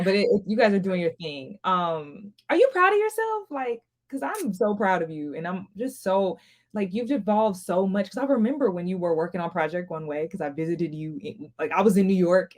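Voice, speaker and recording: A woman's voice: lowish voice, lively intonation, normal speed. A woman podcast host, interviewing a friend in an enthusiastic, casual way full of fillers. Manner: enthusiastic, filler-heavy, laughs along.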